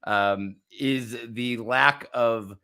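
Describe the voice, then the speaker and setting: American male podcast host, middle pitch, crisp bright tone, reflective and warm-humored chat. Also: extremely slow. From United States. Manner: earnest, reflective, laughs easily. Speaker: wine channel host. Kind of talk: casual podcast conversation.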